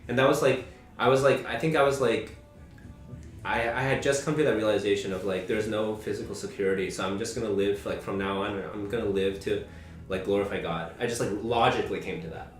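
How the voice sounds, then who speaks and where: Casual podcast host in his twenties, deep-ish voice, meandering storyteller in a reverberant room. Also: fairly even intonation, brisk, faint music behind. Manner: rambling, heavy use of "like" fillers. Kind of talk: casual group conversation, personal storytelling. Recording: roomy echo.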